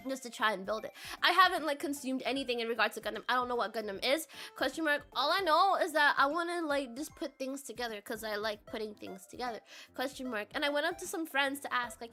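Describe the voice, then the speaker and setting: Woman streamer, casual rambling chat, high voice, faint music behind. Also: fast. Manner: rambling, filler-heavy, bursts of laughing shouts.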